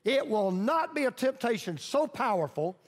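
High-voiced preacher in a reverberant hall. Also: male voice, sing-song, moderate pace. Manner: emphatic preaching with repetition and call-and-response. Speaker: pastor. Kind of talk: sermon. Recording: long reverb of a large hall.

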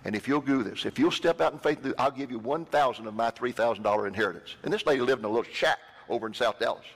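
A man preaching a sermon, telling a personal story with lively quoted voices. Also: medium pitch, quick pace, husky. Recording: long hall reverb.

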